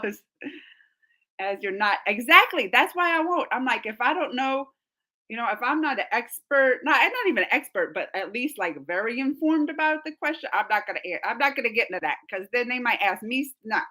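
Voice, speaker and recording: A woman's voice: on the high side, expressive, a little fast, pushed and bright. A young woman hosting a casual live stream, chatting and giggling as she reads out viewer comments. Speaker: reaction channel host.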